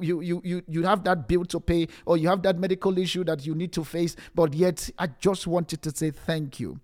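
A man's voice: fairly high pitch, a little mellow. A man streaming an emotional sermon, pleading and repeating himself, often stumbling over his words in restarts. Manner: pleading, repetitive, stammering restarts. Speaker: preacher streaming a message.

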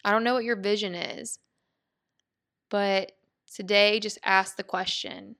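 A woman's voice: medium pitch, steady tone, unhurried, pauses often, fairly bright tone. A woman hosting a podcast, talking in an earnest, heartfelt way and thinking aloud with restarts. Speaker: podcast host. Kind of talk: reflective motivational monologue.

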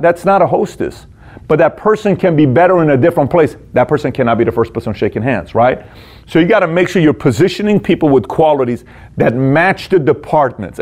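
A man's voice: on the high side, darkish tone. A man who leads a company, giving a motivational business talk in a direct, punchy way, full of rhetorical questions. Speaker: business leader teaching management.

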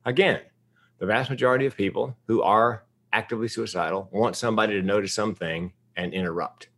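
A man in his fifties from the United States, telling a personal story in a public talk with comic timing and deadpan asides. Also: lowish voice, fairly quick. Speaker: speaker.

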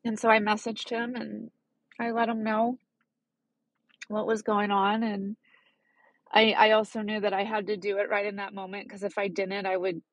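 Husky, gravelly-voiced woman in her thirties. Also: mid-range voice, little pitch movement, no room sound. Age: 30s. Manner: tearful, halting, many restarts. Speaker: vlogger. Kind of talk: emotional personal vlog. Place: parked car.

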